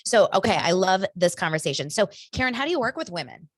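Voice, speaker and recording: A woman's voice: medium pitch, big pitch swings, quick pace, no echo, studio quality. A woman hosting a podcast interview, enthusiastic and affirming toward her guest. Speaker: podcast host.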